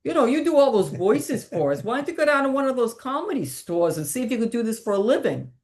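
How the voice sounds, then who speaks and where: A woman's voice: fairly high pitch, sing-song, fast talker, darkish tone, voice pushed up. A woman voicing a pushy female neighbor with a Brooklyn accent. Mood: egging on. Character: brash Brooklyn woman neighbor urging a friend on.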